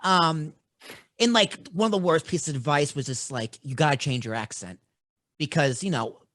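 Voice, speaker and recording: A man in his thirties from Boston, USA, hosts a podcast interview with a Boston accent, sounding brash, blunt and casual. His voice is on the high side and fairly bright, at normal speed, recorded on a studio microphone with studio quality and no room sound.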